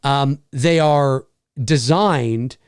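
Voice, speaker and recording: A man's voice: medium pitch, very slow, clean tone, no echo, studio quality. A middle-aged Canadian man with a Canadian accent, hosting a casual livestream, reading chat comments and repeating himself enthusiastically.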